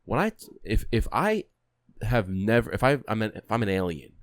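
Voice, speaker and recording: A man's voice: lowish voice, big pitch swings, moderate pace, dry recording, clean studio sound. A young man co-hosting a podcast, ranting bluntly with swearing in casual chat. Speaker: podcast co-host.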